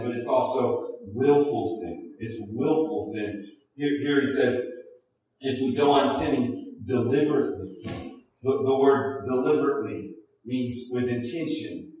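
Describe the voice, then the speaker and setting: A man's voice: mid-range voice, darkish tone. A man preaching a sermon as pastor, earnest, often repeating a word as he starts a phrase. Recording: echoey hall from far off.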